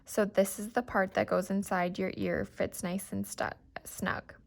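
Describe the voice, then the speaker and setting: A friendly male ear doctor, read by a woman in an audiobook, patient and reassuring as he explains each step. The voice has a slight gravelly texture at a middle pitch. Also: little pitch movement, measured pace. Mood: explaining. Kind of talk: audiobook reading.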